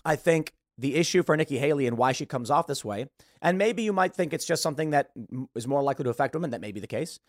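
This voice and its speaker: A man's voice: a little high, quick pace, dry recording, studio quality. A man hosting a show, giving blunt, opinionated political commentary and mimicking the people he talks about. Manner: blunt, animated, mimics others mid-rant. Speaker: show host.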